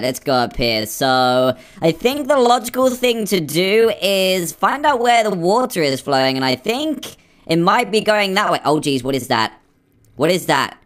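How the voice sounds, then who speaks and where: A man plays through a game with his voice run through a pitch-raising filter, so he sounds higher than his natural voice. He talks in excitable, jittery bursts, full of nervous exclamations. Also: smooth. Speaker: gaming video creator. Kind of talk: playing through a game adventure.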